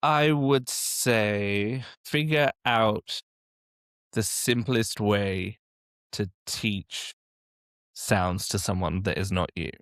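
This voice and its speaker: A man's voice: on the low side, drawn-out words, fairly bright tone, dry recording, clean studio sound. A man who works as a dialect coach, answering interview questions with practical, step-by-step advice. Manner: practical, encouraging, explains step by step.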